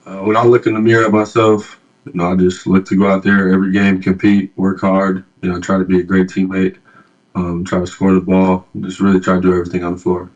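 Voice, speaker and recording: A man's voice: low voice, monotone, fast, a little mellow, lo-fi sound. A man being interviewed as an athlete, answering plainly and a little reservedly.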